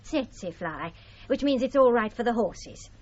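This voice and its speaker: A woman's voice: on the high side, lively intonation, measured pace, darkish tone. An actress playing a chatty older British woman who patiently, somewhat condescendingly explains her past. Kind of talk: radio drama acting. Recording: dull lo-fi radio recording.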